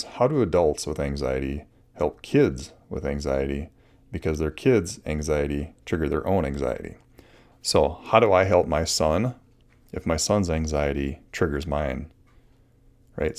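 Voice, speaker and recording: A man's voice: very deep voice, a little mellow. A middle-aged man hosting a solo advice podcast, talking earnestly and casually with many restarts and fillers. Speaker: podcast host.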